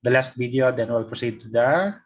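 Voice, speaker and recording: A man's voice: medium pitch, fairly quick. A male teacher hesitantly introducing a video to his class, with some fillers.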